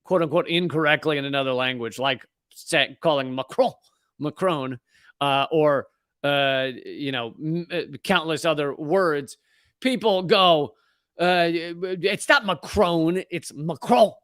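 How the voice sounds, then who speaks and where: A man's voice: on the high side, a little slow, fairly bright tone, smooth, dry recording. American guy, comedian host, sarcastic rant, keeps restarting, dry close mic. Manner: sarcastic, riffing, mocks pronunciations; frequent restarts and laughs. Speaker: comedian host of a live show. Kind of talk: casual ranting commentary.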